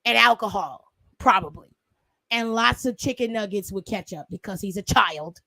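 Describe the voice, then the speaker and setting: A woman's voice: medium pitch, normal speed, vocal fry, no room sound. A woman from Cleveland doing a casual, profane and sassy recap of a wrestling show. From Cleveland, USA. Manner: sassy, profane, animated storytelling. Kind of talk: casual commentary.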